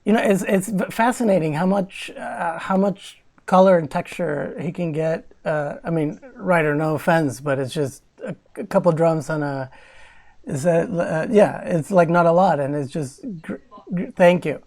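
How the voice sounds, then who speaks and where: A woman's voice: fairly low pitch, normal speed, a little mellow. A woman hosting an online concert from home, chatting casually and rambling, often correcting herself mid-sentence. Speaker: concert series host. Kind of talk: casual livestream chat.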